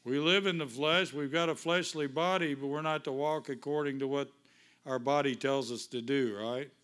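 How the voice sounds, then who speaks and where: Guy pastor preaching in church, bright voice, gets the crowd answering back. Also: medium pitch, fairly even intonation, normal speed. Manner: fervent, call-and-response preaching. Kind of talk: sermon with prayer and scripture reading.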